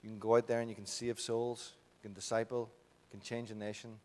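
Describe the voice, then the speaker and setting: A man's voice: fairly low pitch, level tone, brisk. Irish male preacher, impassioned sermon, reverberant hall sound. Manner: impassioned, builds to loud peaks then drops soft. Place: church hall.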